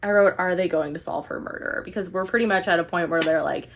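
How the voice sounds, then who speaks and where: Young woman, book review chat, sarcastic, animated, lowish voice. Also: fast. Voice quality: animated, sarcastic, eye-rolling. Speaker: book vlogger.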